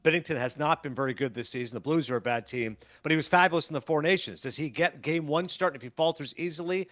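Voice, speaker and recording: Man from Canada, guest broadcaster, emphatic, opinionated, very fast, dry close sound. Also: on the high side, a bit bright, no room sound. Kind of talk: casual podcast chat.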